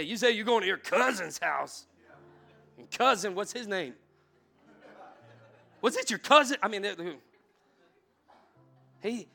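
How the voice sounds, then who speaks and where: Give me a male pastor with a bright, high voice preaching a fervent sermon to a packed church. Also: vocal fry. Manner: builds from conversational storytelling to loud, fervent prayer. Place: church room packed with people.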